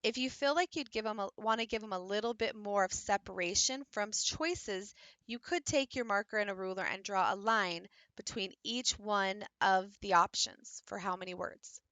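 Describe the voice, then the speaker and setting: Bright-voiced woman teaching a craft. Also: mid-range voice, moderate pace, no room sound. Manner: patient step-by-step explaining, demonstrating while working. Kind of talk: instructional craft tutorial.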